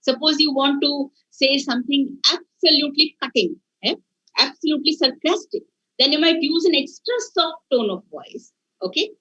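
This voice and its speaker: Woman lecturer, husky, discursive, online workshop, lo-fi call audio. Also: fairly high pitch, sharp tone. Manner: discursive, asks the class rhetorical questions. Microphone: video call. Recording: dull lo-fi video call audio.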